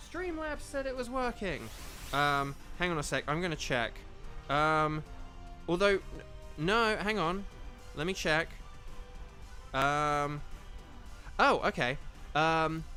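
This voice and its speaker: A man's voice: on the high side, sharp tone. A young man chatting casually on a live game stream, rambling with lots of fillers and apologies, speaking into a desk microphone at home.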